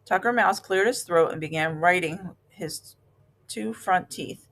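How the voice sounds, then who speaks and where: A woman narrating a children's novel aloud with a calm, steady reading. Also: lowish voice, measured pace. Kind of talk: storybook read-aloud.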